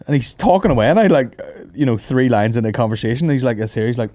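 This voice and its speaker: Host ranting, sarcastic and sweary, normal pitch, dry sound. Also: male voice, racing, few pauses, warm tone, no room sound. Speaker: podcast host. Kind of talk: casual chat.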